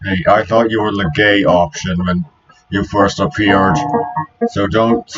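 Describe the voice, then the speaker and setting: Male game reader, joking commentary between lines. Low voice, dull recording, soft music behind. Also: fairly even intonation, unhurried. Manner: joking, exclaims at his own voices. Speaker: game player. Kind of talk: playthrough commentary.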